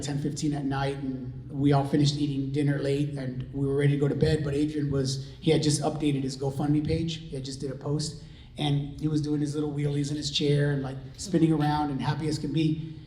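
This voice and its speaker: A middle-aged father shares his testimony in an earnest, conversational way, stumbling through fillers and restarts. His voice sits a little high and sounds mellow and soft-edged. The room around him rings with echo. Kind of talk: personal testimony talk. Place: large room with an audience. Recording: echoey room.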